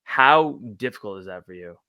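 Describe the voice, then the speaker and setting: A man's voice: lowish voice, animated, normal speed, bright, forceful tone, clear, resonant tone, no room sound. A man in his twenties hosting an interview, asking eager questions that halt and restart. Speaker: podcast host. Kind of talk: casual interview chat.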